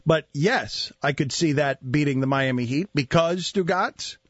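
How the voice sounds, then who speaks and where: Animated high-voiced male radio host. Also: a little slow, husky, dry recording, highs cut off. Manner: animated, laughing, mock outrage. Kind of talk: casual sports talk radio.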